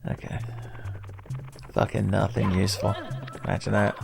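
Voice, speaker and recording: A man's voice: lowish voice, monotone, moderate pace, gravelly, over loud music. A man hosting a casual let's-play video, rambling with sarcastic, profane jokes. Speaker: gaming video host.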